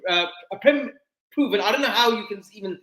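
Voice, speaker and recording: Male football debater, high, fast voice, needling, echoey room. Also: pushed and bright. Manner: fast, needling, demands answers, repeats short phrases. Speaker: podcast panelist.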